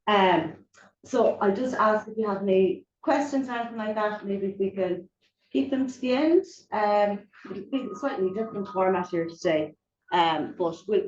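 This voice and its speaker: A woman's voice: mid-range voice, darkish tone. A woman hosting an evening talk, introducing the speaker in a hesitant way full of fillers. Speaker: event host. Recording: echoey room, dull mic.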